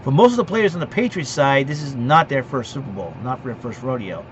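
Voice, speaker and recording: A man's voice: medium pitch, lively intonation, brisk. A man hosting a solo sports show, ranting in a combative, repetitive way and speaking straight to rival fans. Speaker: sports podcast host. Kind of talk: opinionated solo sports rant. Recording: dull lo-fi recording with faint hum.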